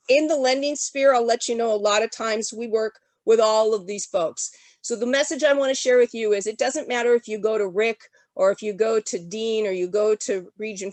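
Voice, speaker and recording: Woman presenter, sick, rattling off updates fast in an auctioneer voice over a dry video-call mic. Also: medium pitch, dry recording. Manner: rapid-fire auctioneer-style delivery. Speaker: regional development commission presenter. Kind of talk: briefing presentation at an online summit.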